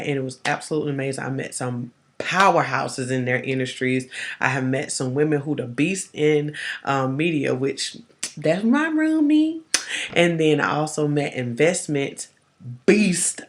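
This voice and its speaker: A woman life coach speaking on a casual live stream, emphatic and stern like a big sister, with slang and animated delivery. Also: low-pitched. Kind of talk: live-stream motivational talk.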